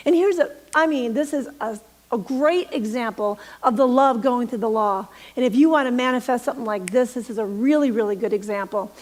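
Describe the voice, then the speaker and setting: Earnest high-voiced woman minister. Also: long reverb tail. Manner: earnest, storytelling, drops to soft emphatic whispers. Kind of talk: sermon with guided prayer.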